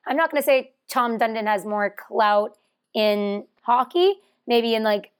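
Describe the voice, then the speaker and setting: Relaxed, hesitant woman podcast co-host. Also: fairly high pitch, measured pace, clear, resonant tone. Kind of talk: casual chat.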